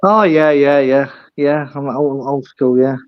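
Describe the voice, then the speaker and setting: A man's voice: mid-range voice, fairly even intonation, a little slow, clean tone, dry recording, muffled recording. An older man with a British accent, chatting casually as a guest, rambling and self-deprecating. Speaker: guest caller. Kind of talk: casual chat.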